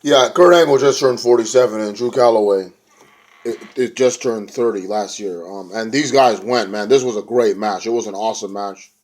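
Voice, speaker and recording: A man's voice: fairly low pitch, normal speed, darkish tone. A young man casually recapping a wrestling show, rambling in slang and now and then mimicking the wrestlers. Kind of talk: casual recap, retelling a show with quoted voices.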